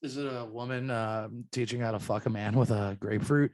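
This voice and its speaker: A man's voice: mid-range voice, fairly even intonation, fairly quick, darkish tone, no room sound. A man co-hosting a podcast, giving short easygoing replies and laughing along in casual chat.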